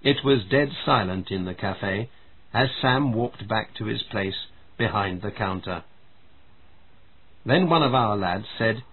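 A man reading a story aloud in a slow, even storybook narration, on tinny phone-like audio. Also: lowish voice, husky. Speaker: story reader.

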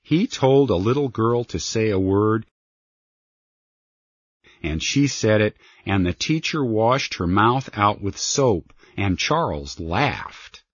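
Cocky rude little kid done by a guy reading a story, lively voice. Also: on the low side, slow pace, slightly rough, no echo, lo-fi sound, full character voice. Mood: gleeful. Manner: cocky, blunt. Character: rude boastful young schoolboy.

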